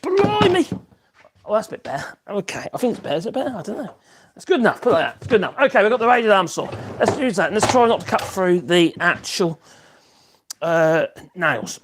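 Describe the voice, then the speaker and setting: A man's voice: high-pitched, expressive, fast talker, fairly bright tone, a little hiss or hum. A man chatting casually while he works in his home workshop, rambling and exclaiming as he goes. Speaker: woodworking live streamer. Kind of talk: casual live-stream chat while working. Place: home workshop, a bit echoey. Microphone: external mic.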